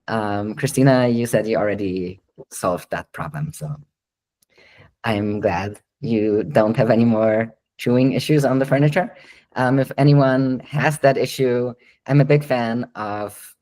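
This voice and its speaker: During a live online Q&A, a male dog trainer responds to questions in a medium-pitched, slightly mellow voice, taking his time. He explains things casually, filling gaps between ideas with ums and light laughter. The audio is low quality.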